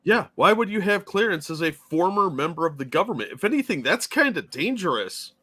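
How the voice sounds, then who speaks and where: Co-host guy, bright sharp voice, dry blunt comments. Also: high voice, very animated, brisk, slightly rough. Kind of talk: casual political commentary chat.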